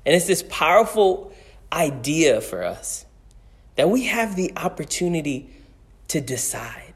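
A man's voice: a little high, big pitch swings, unhurried. A man preaching a conversational sermon as pastor, telling stories and repeating key phrases for emphasis.

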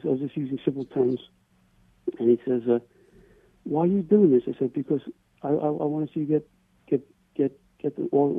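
A man calls in to a radio show and tells his story earnestly, stumbling and repeating words as he goes. His voice is gravelly and a little husky, and the sound is thin and tinny like a phone line. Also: medium pitch, no echo. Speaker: caller. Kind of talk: telling a personal story.

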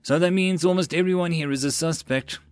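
A man voicing a calm, gentle woman doctor who asks patient questions. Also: a little high, brisk, clean tone, no echo, voice pushed up, natural voice. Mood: wry.

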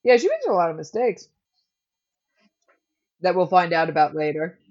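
With a sing-song lilt and a voice on the low side, this adult podcast co-host talks at a moderate pace in a slightly mellow tone. Her episode recap is casual and jokey, punctuated by frequent laughter, and the audio is dull and lo-fi.

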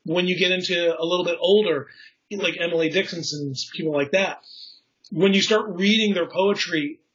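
A man's voice: sits high, steady tone, normal speed, fairly bright tone, muffled recording. A man in casual conversation explaining poetry, rambling with restarts and fillers and chuckling at his own slips. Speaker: poetry enthusiast explaining craft.

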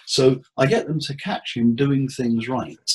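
A husky, slightly breathy man speaks at an ordinary middle pitch. He talks through his cases like stories, taking on the voices of the people in them and jumping up in pitch when he does. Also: measured pace, rough recording. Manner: animated storyteller acting out client dialogue. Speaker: therapist guest. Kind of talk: casual interview chat.

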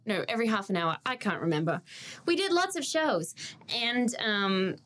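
A woman's voice: mid-range voice, normal speed. A young Australian woman, a singer and music teacher, chatting as a guest and acting out the voices in her stories. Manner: animated storyteller who acts out quoted voices. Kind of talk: casual interview chat.

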